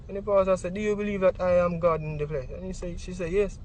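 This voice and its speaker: A man's voice: high voice, steady tone, fast, a little mellow. A man with a Jamaican accent giving a vivid eyewitness account in patois, acting out what others said. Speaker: witness.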